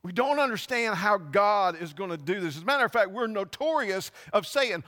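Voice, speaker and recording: A man preaching a sermon, telling a scripture story with halting restarts and acting out the voices. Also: high voice, expressive, sharp tone, long reverb tail. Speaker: pastor. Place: church.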